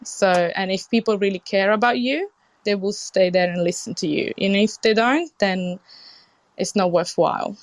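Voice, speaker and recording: A woman's voice: mid-range voice, moderate pace, no echo. Italian-accented woman chef, dry close sound. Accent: Italian with British English influence. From Sicily, Italy. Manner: earnest, frank, with frequent restarts. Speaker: chef, guest. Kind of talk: casual interview conversation.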